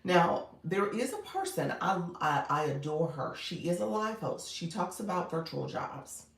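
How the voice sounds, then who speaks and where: A woman's voice: on the low side, a little slow, vocal fry. A woman live-streaming as a coach, chatting casually and encouragingly, laughing often and calling viewers "friend.". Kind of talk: casual livestream chat, greeting viewers and reading comments. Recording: echoey room, voice a bit far from the mic.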